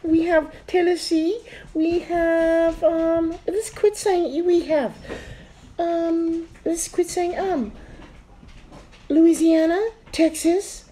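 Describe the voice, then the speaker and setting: A squeaky, strained falsetto that rushes and stumbles, full of ums and uhs. The put-on voice sits far above his own and sounds flustered and frantic. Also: warm tone, slight background noise, exaggerated voice. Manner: frantic listing with many fillers.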